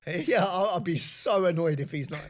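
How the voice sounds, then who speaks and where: A man co-hosting a podcast in casual chat, his voice a touch higher than most. He talks in an animated way and laughs often. He calls the others "mate" again and again. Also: moderate pace. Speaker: podcast co-host.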